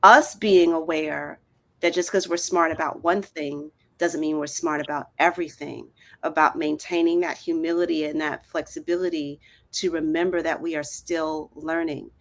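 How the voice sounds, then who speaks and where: A woman comedian on a panel, speaking in a measured, thoughtful way. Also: low voice, fairly even intonation, fairly bright tone. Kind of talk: casual panel discussion.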